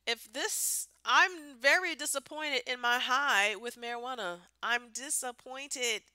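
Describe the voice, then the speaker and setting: A woman's voice: a little high, a little slow, sharp tone, clean tone, no room sound. A woman ranting bluntly into the camera on her vlog, exasperated and swearing freely. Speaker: vlogger.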